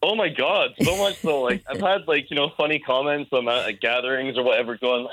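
A man from Paisley with an accent between Scottish and American, calling in and chatting in a relaxed, rambling way. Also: mid-range voice, brisk, few pauses, rough recording. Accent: mix of Scottish and American. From Paisley, Scotland. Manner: relaxed, rambling, laughs easily. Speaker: caller. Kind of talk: casual phone-in chat.

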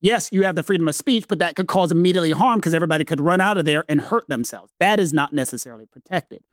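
A man with a Southern American accent holds forth on legal matters in a lecturing, emphatic way, stacking repeated phrases. His voice sits high for a man, and the recording is dry and close. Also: lively intonation, fast, no echo. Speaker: legal commentator co-host. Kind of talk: podcast discussion.

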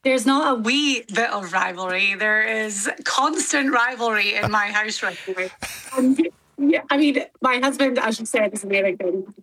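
A Scottish woman in her thirties, chatting as a guest over a remote link in a lively way. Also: on the high side, normal speed, no echo, rough recording. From Scotland. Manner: chatty and animated. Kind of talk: casual chat on a remote link.

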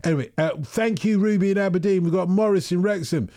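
A man's voice: high voice, fast, dark tone. A man hosting a radio phone-in, chatting casually and rambling with frequent self-corrections.

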